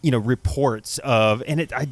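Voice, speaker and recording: A man co-hosting a podcast, chatting casually in a measured, reflective way and laughing easily. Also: medium pitch, no room sound. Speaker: podcast co-host. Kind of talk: casual chat.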